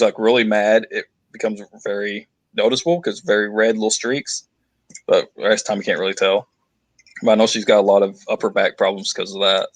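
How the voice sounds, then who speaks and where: A man's voice: on the low side, dry recording, poor audio. A man telling a family story in casual chat, rambling and loose, swearing casually.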